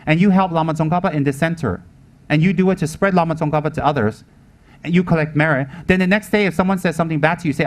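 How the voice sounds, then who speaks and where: A man's voice: a little high, quick pace. A man giving a Buddhist teaching in an emphatic manner, repeating his points and asking rhetorical questions. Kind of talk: Dharma teaching.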